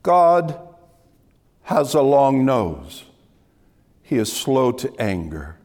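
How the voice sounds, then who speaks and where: A man preaching a sermon to his congregation in an emphatic way, repeating key phrases and dropping to a hush. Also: mid-range voice, very animated, very slow. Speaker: pastor. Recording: long hall reverb.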